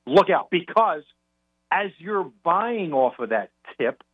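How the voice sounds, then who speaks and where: A man calling in to a radio show as a guest financial commentator, explaining in a measured way with frequent restarts. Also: a little high, sing-song. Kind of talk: phone-in radio chat. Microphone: telephone call. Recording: tinny phone line.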